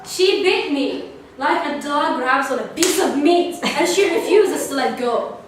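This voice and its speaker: A woman's voice: sits high, expressive, measured pace. A young woman giving a prepared club speech, telling a playful story with animation. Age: young adult. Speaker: club speaker. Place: meeting room. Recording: echoey room, distant mic, background noise.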